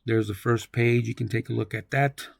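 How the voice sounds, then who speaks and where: A man's voice: medium pitch, normal speed, vocal fry, a little hiss or hum. A man hosting a video game channel, calling play-by-play on a baseball simulation with jokey nicknames for the players. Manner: jokey nicknames, excitable on big plays.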